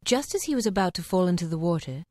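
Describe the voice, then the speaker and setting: Brief: female audiobook narrator, expressive storybook reading, animated intonation. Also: fairly low pitch, fast talker, no room sound, studio quality.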